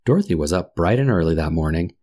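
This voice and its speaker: Deep husky male storyteller. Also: animated, quick pace, dark tone. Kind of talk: scripted narration for English learners.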